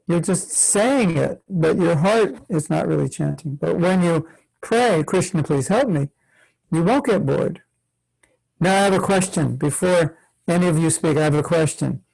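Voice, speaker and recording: Over a video call, an older man who is a spiritual teacher leads an online workshop for children, patiently asking questions and acting out examples of chanting. His voice is high-pitched and creaky with a darkish tone, and the recording is rough.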